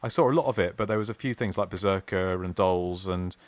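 A man's voice: low-pitched, a little fast, no room sound. A man hosting a podcast, chatting casually and reading listener emails aloud. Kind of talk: casual chat.

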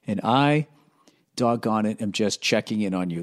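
Hoarse man rambling on a podcast. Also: normal speed. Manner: low-energy, conversational, swearing, self-mocking. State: hoarse, strained voice. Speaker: podcast host. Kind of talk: casual rambling monologue.

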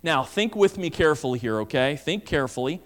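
A man's voice: animated, a little fast, a bit bright. A male pastor preaching a sermon, reading Scripture and stressing key words with sweeping emphasis. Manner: emphatic preaching with dramatic pitch swings.

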